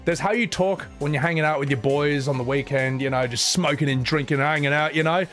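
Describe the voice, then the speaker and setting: On a live stream with soft music behind him, a man with a fairly high voice talks fast as he reads out super chats. He answers them with animated, sarcastic, swearing rants and says "man" a lot.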